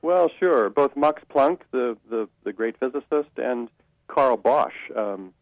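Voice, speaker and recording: A man, an author answering an interviewer's questions, speaking in a measured way with frequent restarts and fillers. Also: medium pitch, lively intonation, no echo, highs cut off. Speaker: author and guest.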